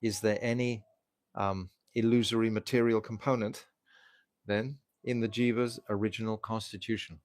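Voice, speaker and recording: Male class leader, low voice, earnest scripture commentary. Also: little pitch movement. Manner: earnest, stresses key words, slows for emphasis. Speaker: teacher leading a scripture reading class. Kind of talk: reading and commenting on a spiritual text.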